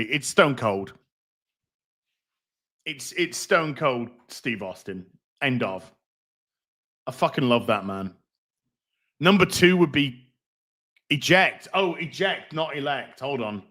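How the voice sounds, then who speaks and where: A man's voice: medium pitch, expressive, takes it slowly, long pauses, a bit bright. A middle-aged man hosting a casual livestream, rambling, reading out donations and swearing freely. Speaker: livestream host.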